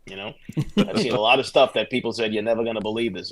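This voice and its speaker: A middle-aged man, a former police sergeant telling animated stories as a guest on a casual podcast. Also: lowish voice. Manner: fast, animated anecdotes with restarts.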